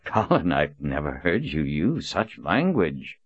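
A man voicing an earnest, principled young man who talks in a quiet, sincere way, on a dull, lo-fi recording. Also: a bass voice, very animated, slow pace, breathy edge, exaggerated voice.

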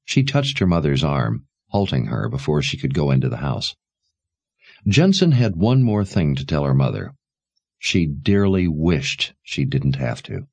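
A man narrating a novel aloud in a measured, expressive storytelling manner. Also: very deep voice, slightly rough, no room sound. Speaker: audiobook narrator. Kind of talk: scripted narration.

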